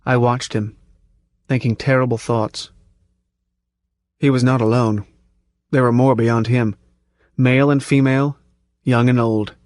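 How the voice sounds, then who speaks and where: A man reading a first-person story aloud at a measured, tense pace, close to the mic. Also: mid-range voice, fairly even intonation, a little mellow. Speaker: audiobook narrator. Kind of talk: first-person audiobook narration.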